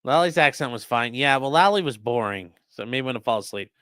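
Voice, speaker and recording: Streamer guy reading chat, sarcastic, super lively pitch, dry close mic. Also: a little fast, smooth, dry recording. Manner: animated, sarcastic, reads chat aloud. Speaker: host. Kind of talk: livestream commentary.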